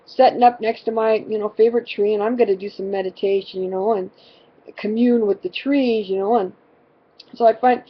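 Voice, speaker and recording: Her mid-range voice has a breathy edge and fairly even intonation as she speaks briskly. This mother rambles through a humorous family tale, dramatic and exasperated, saying "you know" constantly, and the audio is muffled.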